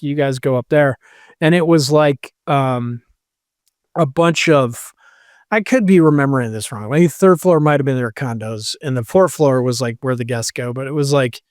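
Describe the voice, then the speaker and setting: A man's voice: a little high, no echo, clean studio sound. A man co-hosting a podcast, telling a long rambling story and quoting people as he goes. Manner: rambling, quotes people with "he's like". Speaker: podcast co-host. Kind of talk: casual storytelling chat.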